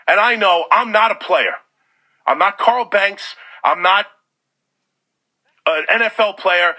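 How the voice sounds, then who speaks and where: High-pitched ranting New radio host. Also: male voice. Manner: loud, sarcastic, exasperated. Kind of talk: sports talk radio rant. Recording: radio broadcast.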